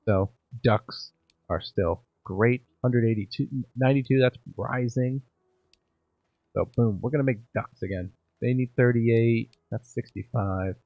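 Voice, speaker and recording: A gaming channel host gives casual let's play commentary, thinking aloud and joking about himself as he plays. His mid-range voice keeps a measured pace; the audio is dull, with no room sound.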